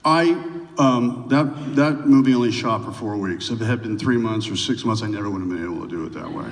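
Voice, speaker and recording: A man being interviewed onstage as a guest actor, an animated storyteller who restarts his sentences as he talks. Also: on the low side, fairly quick, a little hiss or hum. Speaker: guest actor at a film festival Q&A. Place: theater stage before a live audience. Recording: echoey hall, mic from a distance.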